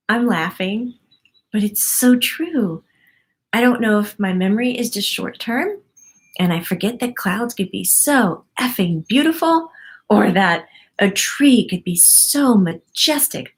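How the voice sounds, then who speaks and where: A woman in her forties, with a mid-range voice, hosts a live stream and reads her viewers' comments aloud without hurrying. Effusive and full of wonder, she laughs often as she chats casually.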